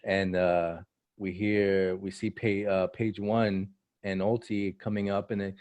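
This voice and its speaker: A man co-hosting a casual manga review, talking in a relaxed, halting way with repeats. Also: low voice. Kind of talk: casual chat.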